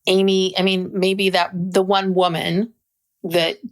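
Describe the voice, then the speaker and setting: A woman's voice: mid-range voice, level tone, slow. A woman co-hosting a podcast, talking in a chatty, loose way with many restarts. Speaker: podcast co-host. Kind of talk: casual chat.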